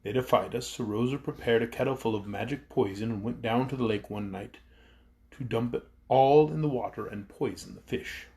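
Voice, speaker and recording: A man's voice: medium pitch, moderate pace, creaky, darkish tone, lightly acted. A man reading an audiobook, voicing a boastful male mountain ruler and sorcerer who tells his grievances with smug self-regard. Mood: aggrieved. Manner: self-satisfied, grumbling storytelling. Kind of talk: audiobook character voice.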